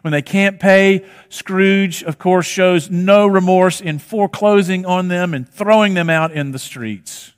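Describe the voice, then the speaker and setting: A man's voice: high voice, measured pace, hardly any pauses, clear, resonant tone. A man preaching a sermon, telling a story and asking rhetorical questions, in a reverberant hall. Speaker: pastor.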